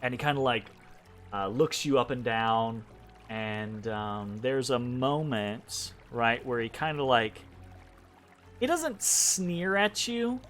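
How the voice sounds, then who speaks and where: A man's voice: mid-range voice, slow pace, fairly bright tone. A man narrating as game master in a tabletop game, loose and casual, checking in with his players often. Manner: loose, filler-heavy, checks in with "right?". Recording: faint background music.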